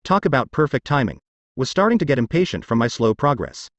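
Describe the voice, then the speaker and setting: A male audiobook narrator reads a first-person fantasy story as a wry, sardonic inner monologue. His pitch moves a lot from line to line. The recording is dry and close, with no room sound. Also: big pitch swings, brisk, no echo.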